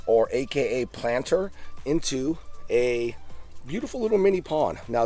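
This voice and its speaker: A man vlogging outdoors beside his backyard koi pond, talking casually and eagerly into a handheld phone camera, his voice jumping up on the exciting bits. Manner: enthusiastic, chatty, pitch jumps up on exciting points. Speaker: fish keeper vlogger. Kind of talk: casual show-and-tell vlog.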